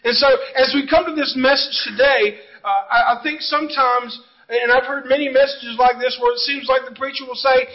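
A man's voice: very high voice, steady tone, a little fast, dull audio. A middle-aged man preaching a sermon, telling folksy stories and jokes and talking to the congregation. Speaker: pastor. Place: church sanctuary.

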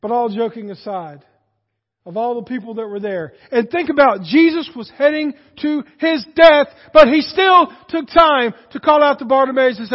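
A male pastor preaching a sermon, animated, swinging between shouts and hushed asides. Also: very high-pitched, moderate pace. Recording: dull sound, long hall reverb.

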